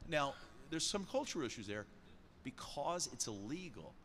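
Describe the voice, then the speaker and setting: A man talking on a podcast in an animated way, often repeating words for emphasis. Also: medium pitch, moderate pace, a little hiss or hum. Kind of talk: podcast conversation.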